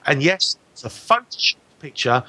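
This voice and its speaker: A man's voice: a little high, big pitch swings, normal speed, sharp tone. A man telling a personal story as a guest on a radio talk show, acting out both sides of the exchange.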